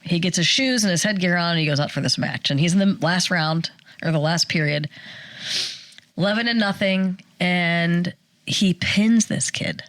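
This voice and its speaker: A woman in her forties, a podcast co-host telling a personal story in casual chat, animated and acting out the quotes. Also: lowish voice, no room sound. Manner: animated storyteller, acts out quotes, fast bursts.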